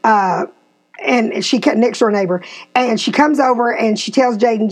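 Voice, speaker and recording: Woman, fifties, podcast host, lively storyteller. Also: a little high, normal speed. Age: 50s. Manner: animated storyteller, acts out quotes. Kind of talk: casual storytelling chat.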